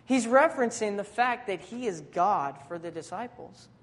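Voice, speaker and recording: A preacher giving a sermon in a casual, conversational way, with modern slang and lively, dramatic retellings of scripture scenes. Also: medium pitch, moderate pace, in a large hall.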